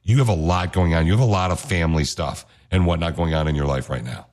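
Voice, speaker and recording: A man's voice: low-pitched, fast, a little mellow. A man hosting a radio show, chatting casually and joking with his co-host. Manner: joking, teasing.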